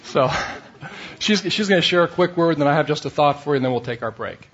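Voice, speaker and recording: A man's voice: a little high, expressive, brisk, a little hiss or hum. Man leading a seminar, muffled. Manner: instructive, guiding the room through activities. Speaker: seminar leader.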